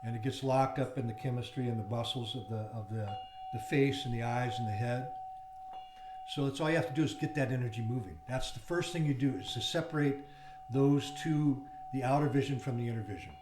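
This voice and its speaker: A man's voice: mid-range voice, brisk, over music. A man teaching a yoga class, explaining technique in a loose, rambling way with fillers and breaking into repeated chants. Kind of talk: guided yoga class instruction. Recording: roomy with faint background noise.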